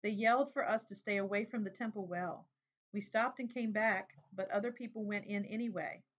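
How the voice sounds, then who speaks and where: A woman's voice: medium pitch, steady tone, a little fast, highs cut off, lightly acted. A woman reading a shaken young girl. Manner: urgent, shaken. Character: shaken young girl reporting to her father.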